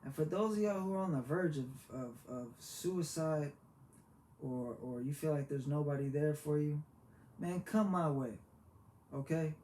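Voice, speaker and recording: A man giving a heartfelt, preachy motivational talk, halting and repeating himself as he goes. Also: on the high side, mellow. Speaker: motivational vlogger. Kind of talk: earnest motivational monologue. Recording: echoey room with faint background hiss.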